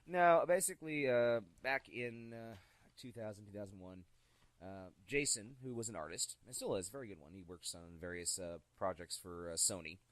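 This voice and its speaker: A man telling stories in a casual podcast chat, animated and acting out the voices of the people in them. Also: fairly low pitch, normal speed. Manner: animated, acts out quoted voices. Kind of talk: casual storytelling.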